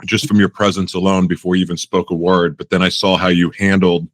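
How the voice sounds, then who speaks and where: A man with a lowish voice hosts a podcast, chatting loosely and breaking into laughter between thoughts. His sound is close and dry, with no room around it. He acts out little scenes from his own life with a wry, self-mocking edge. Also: little pitch movement, fairly quick, no room sound. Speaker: podcast host. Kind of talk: casual conversational interview.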